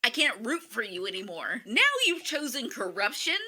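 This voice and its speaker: A young woman hosting a reaction video, talking back to the screen in a casual, animated way. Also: a little high, normal speed, breathy edge.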